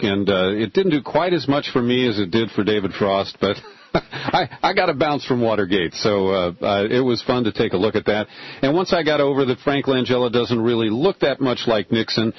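A man's voice: lowish voice, slightly rough, dry recording, lo-fi sound. An older man hosting a talk radio show, chatting with a guest in an easygoing, conversational way.

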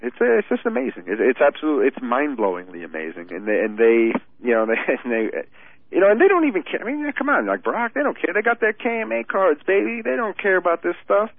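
A male caller on a tinny phone line, stammering and indignant as he talks politics. His pitch swings widely, and the line sounds thin and dead-dry. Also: big pitch swings, quick pace, gravelly, no room sound. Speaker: phone-in guest.

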